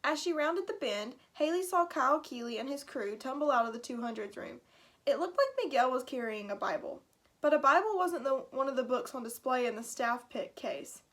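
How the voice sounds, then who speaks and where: High-voiced woman teacher reading aloud. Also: lively intonation, moderate pace, fairly bright tone. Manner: chatty asides between reading. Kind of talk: reading a book aloud to a class.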